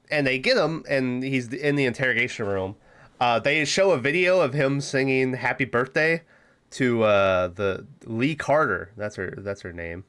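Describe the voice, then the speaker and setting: A man's voice: medium pitch, fairly bright tone, clean tone. A man co-hosting a movie podcast, casually retelling scenes with rambling restarts and frequent laughs. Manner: rambling, laughs often, acts out movie lines. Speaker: podcast co-host. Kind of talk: casual movie review chat.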